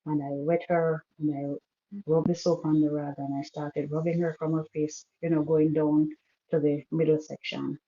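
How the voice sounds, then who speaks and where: A woman telling an emotional personal story in a halting way, restarting and repeating her sentences. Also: sits low, flat delivery, warm tone, muffled recording.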